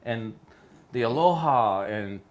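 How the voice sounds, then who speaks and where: A middle-aged man from Hawaii, telling stories in a studio interview with animated delivery, jumping into voices for quoted people. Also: takes it slowly. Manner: animated, acts out quotes with big pitch jumps. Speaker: interview guest. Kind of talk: storytelling in a casual interview.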